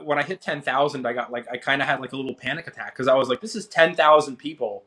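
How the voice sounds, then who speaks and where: Guest: thirties man, casual storyteller, lively when quoting others. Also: quick pace. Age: 30s. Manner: animated, acts out quoted people with rising pitch. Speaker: interview guest, finance creator.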